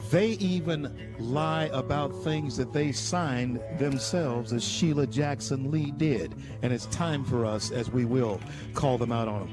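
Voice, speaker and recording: A man's voice: mid-range voice, measured pace, over music. A man hosting political talk radio, speaking in an emphatic, opinionated way with frequent restarts. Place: radio studio.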